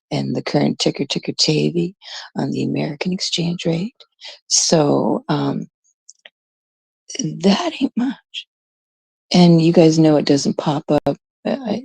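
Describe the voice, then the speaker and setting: A woman's voice: on the low side, creaky, dark tone, slightly rough, no echo. A Canadian woman livestreaming, rambling casually and talking straight to her chat viewers on a close mic.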